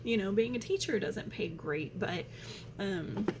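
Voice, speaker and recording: A woman's voice: mid-range voice, animated, measured pace, background noise. A young woman chatting casually to camera at home, rambling with many fillers, her nose running. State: runny nose. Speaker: vlogger. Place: home room.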